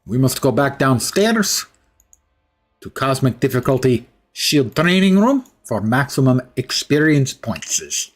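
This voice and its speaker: Brief: boastful steel-skinned Russian hero, put on by a man gaming, mock Russian accent, husky, swoops widely. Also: medium pitch, very animated, slow pace. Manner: formal, article-dropping, grandly self-praising. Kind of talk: in-character gameplay commentary.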